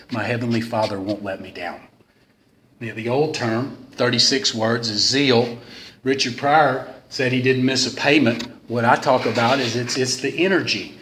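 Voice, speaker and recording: A man's voice: mid-range voice, fairly bright tone. Rambling, joking man in a roomy hall. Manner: rambling, joking, self-deprecating. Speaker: speaker at a recovery meeting. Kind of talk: casual storytelling talk. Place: meeting room of a club. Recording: roomy hall sound with faint noise.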